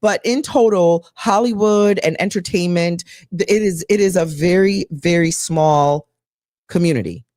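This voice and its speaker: A woman hosting a casual talk show, telling a gossipy story in an animated way and acting out what others said. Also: fairly low pitch, unhurried, no room sound, studio quality. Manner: animated, gossipy, acts out quotes. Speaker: show host.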